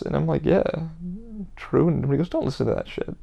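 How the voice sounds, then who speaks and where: A man's voice: medium pitch, racing, warm tone. A man hosting his own podcast, talking in a rambling, emphatic way and swearing constantly. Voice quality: gravelly. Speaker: podcast host. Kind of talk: casual monologue.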